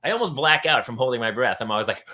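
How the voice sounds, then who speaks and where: A middle-aged man hosting a casual panel chat, telling stories and jumping into loud, high voices when he quotes people. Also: expressive, very fast. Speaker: host.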